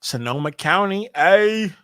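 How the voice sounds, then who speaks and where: A young man hosting a sports fan livestream, animated and hyped, talking straight to his chat. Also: sits high, a little slow, smooth, no echo, clean studio sound. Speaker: fan show host.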